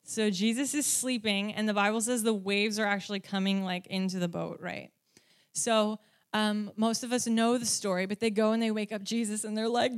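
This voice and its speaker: A woman preaching a sermon who asks her audience questions and grows lively, rising in pitch and volume, when she tells stories. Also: normal speed, smooth.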